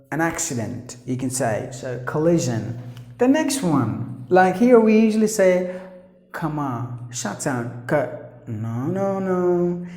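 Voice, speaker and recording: A man's voice: a little high, warm tone, reverberant. A man teaching pronunciation, repeating each word several times to drill it. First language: Tamil. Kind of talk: pronunciation lesson.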